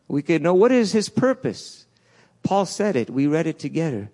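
A man preaching a sermon in a church, swinging between loud urgent peaks and soft low asides, with restarts along the way. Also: big pitch swings, normal speed. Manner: passionate, rises and falls, restarts, acts out quotes.

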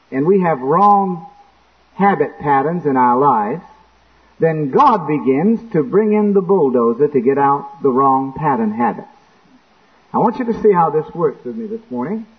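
A man preaching a sermon in church, acting out quotes and breaking into sudden shouts. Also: fairly high pitch. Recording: tinny lo-fi phone-like recording.

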